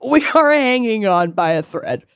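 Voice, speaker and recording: A woman's voice: fairly high pitch, sing-song, unhurried, smooth, dry recording, clean studio sound. A woman in her thirties with a Minnesotan accent, co-hosting a podcast; she talks bluntly and expressively while sick with pneumonia. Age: 30s. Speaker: podcast co-host. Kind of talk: casual chat.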